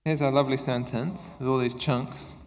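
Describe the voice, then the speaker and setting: A man presenting an interactive workshop for English teachers, upbeat and encouraging as he gives quick instructions. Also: medium pitch, steady tone, slight background noise. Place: conference room at a university. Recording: echoey hall with long reverb.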